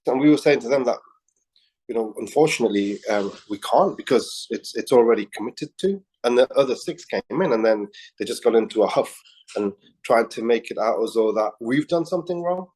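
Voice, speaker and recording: A man's voice: medium pitch, moderate pace, darkish tone, husky, poor audio. A man co-hosting a casual chat, telling a story with hesitant stops and restarts. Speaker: co-host.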